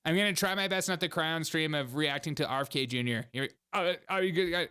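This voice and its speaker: A man's voice: on the high side, fast, pushed and bright, smooth. A man hosting a political comedy podcast, riffing sarcastically and laughing at the news. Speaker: podcast host.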